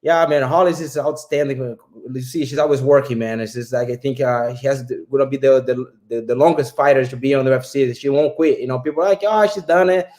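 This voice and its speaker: A man's voice: mid-range voice, brisk, hardly any pauses, darkish tone. A man chatting as an interview guest, easygoing, with loose phrasing and many fillers. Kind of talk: casual interview chat.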